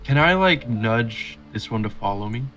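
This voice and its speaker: A man of middle pitch plays a tabletop game, chatting casually and joking. He keeps clearing his throat between questions, with faint music under the talk. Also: lively intonation, moderate pace, a bit bright. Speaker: player.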